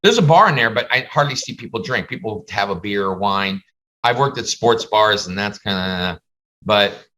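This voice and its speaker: Man, instructor type, lively storyteller, bright tone, call audio. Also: slight background noise, rough recording. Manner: animated, acts out little dialogues in higher voices. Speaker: face painting business instructor. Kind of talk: casual teaching on a video call. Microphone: video call.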